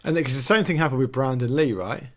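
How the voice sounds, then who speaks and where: Fast-talking curious male co-host. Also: medium pitch. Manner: quick and curious, asks lots of questions. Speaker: podcast co-host. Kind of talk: casual chat.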